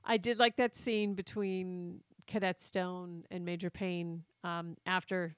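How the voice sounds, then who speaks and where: A woman co-hosting a casual movie podcast, relaxed and hesitant, pausing with ums as she thinks. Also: on the low side, smooth, no echo, clean studio sound. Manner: relaxed, hesitant, quick to laugh. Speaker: podcast co-host.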